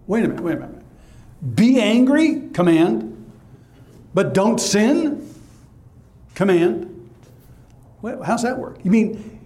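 A man's voice: sits high, dark tone. A man preaching a sermon as pastor, emphatic and conversational, asking rhetorical questions and answering them himself.

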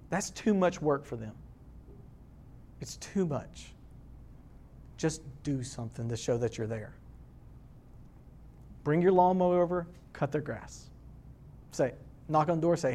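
A man's voice: on the high side, expressive, measured pace, pauses often, a little mellow. A man preaching a conversational sermon, asking the congregation questions as he goes. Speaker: pastor.

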